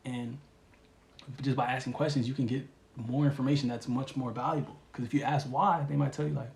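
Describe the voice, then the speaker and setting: In a reverberant space, a tarot reader with a gravelly, mid-range voice talks a little fast through a laid-back spiritual reading. His delivery wanders, loaded with slang and filler words.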